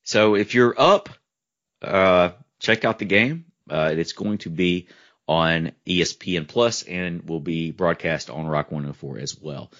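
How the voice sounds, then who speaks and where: A man's voice: sits low, a little slow, fairly bright tone. A man hosting a casual sports podcast, joking and easygoing as he runs the segments. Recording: dull lo-fi audio.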